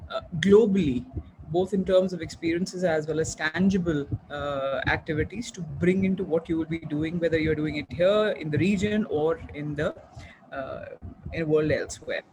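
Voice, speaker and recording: A middle-aged woman speaks as a guest on a video call. She talks earnestly, pausing often with fillers and restarting her sentences. A faint hiss sits behind her voice. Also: low voice. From India. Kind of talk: webinar talk.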